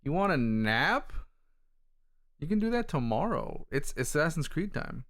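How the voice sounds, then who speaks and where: A man's voice: a little high, very animated, measured pace, a bit bright. A man chatting casually to viewers as a gaming streamer, talkative and exclamatory, with some casual swearing. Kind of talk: casual live-stream chat.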